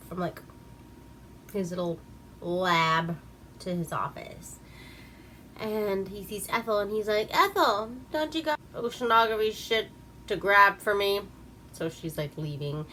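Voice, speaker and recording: A woman's voice: on the low side, fairly bright tone, slight background noise. A woman giving a rambling, profane, casual recap of an old movie and laughing at herself. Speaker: movie reviewer.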